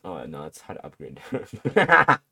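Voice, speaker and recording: A man's voice: low voice, wildly swooping pitch, unhurried, vocal fry, sharp tone, husky. A young man co-hosting a podcast in casual chat, joking and giggling, often trailing off mid-sentence. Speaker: podcast co-host.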